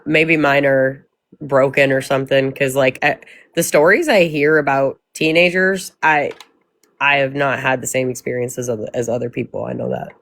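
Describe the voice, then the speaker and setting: A woman's voice: extremely low pitch, fairly even intonation, moderate pace, fairly bright tone, dry recording. A woman in her forties chatting casually on a livestream, easygoing and swearing offhandedly. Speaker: mother of teenagers on a livestream. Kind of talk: casual chat.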